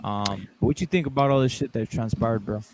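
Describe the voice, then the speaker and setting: A man hosting a casual podcast panel, greeting guests and talking in an animated way. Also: mid-range voice, fairly quick, background noise. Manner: animated, hypes and greets callers. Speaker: show host.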